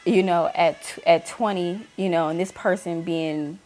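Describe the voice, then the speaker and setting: A woman's voice: fairly low pitch, fairly even intonation, a little slow, darkish tone. A woman in her thirties, host of her own talk channel, candidly telling a personal story and acting out the voices of people she quotes. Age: 30s.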